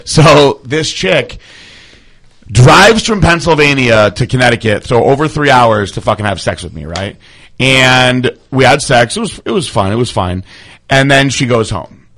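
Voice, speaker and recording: Young male guest, loose and profane, telling an animated story in plain conversation. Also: medium pitch, a little slow. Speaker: guest athlete and trainer. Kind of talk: casual storytelling.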